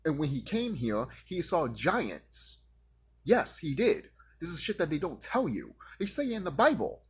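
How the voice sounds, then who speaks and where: Guy swearing up a storm in a rant, husky voice, pitch jumping all over. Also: very animated, unhurried. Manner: confrontational, swearing, mocking imagined critics in high voices. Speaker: vlogger ranting to camera. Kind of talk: profane conspiratorial rant.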